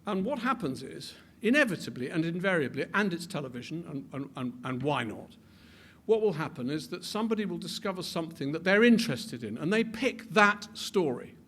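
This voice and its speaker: A man giving a public talk with animated delivery, building to emphatic peaks and often repeating words as he restarts his sentences. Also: on the high side, a little fast. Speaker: speaker.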